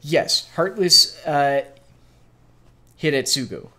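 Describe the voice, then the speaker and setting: A man co-hosting a casual podcast explains fantasy game lore and corrects pronunciation with authority, chatting about tabletop world-building. His fairly high voice is bright and forceful, slow-paced, with big pitch swings.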